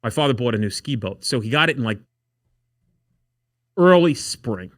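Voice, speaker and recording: A man's voice: medium pitch, moderate pace, no room sound, clean studio sound. A man on a podcast telling wild stories casually, swearing a lot and acting out what others said. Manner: profane, animated storyteller acting out quotes. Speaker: podcast guest. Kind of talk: casual storytelling.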